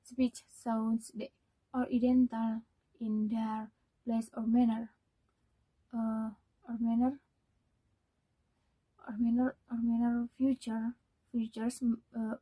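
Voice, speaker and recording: Young woman doing a class presentation in english, slow and halting, dark husky voice. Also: a little high, rough recording. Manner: halting, many fillers and restarts. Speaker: student.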